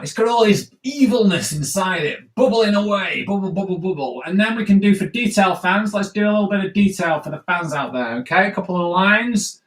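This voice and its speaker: Upbeat man, fairly high voice, running a live kids' drawing lesson in an echoey room. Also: a bit bright. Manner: upbeat, chatty, keeps checking "all right?". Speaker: comics drawing teacher. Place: indoors at home. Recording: roomy echo.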